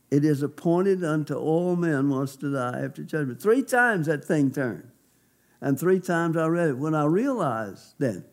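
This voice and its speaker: Male pastor, slightly high voice, emphatic folksy testimony from the pulpit. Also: darkish tone. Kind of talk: sermon testimony.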